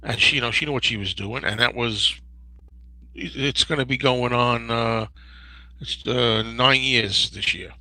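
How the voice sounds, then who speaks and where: A man in his fifties hosting a casual livestream Q&A, rambling and digressive with many restarts and a gravelly, husky voice. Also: medium pitch, unhurried, pushed and bright, dry recording, low-quality recording. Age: 50s. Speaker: host.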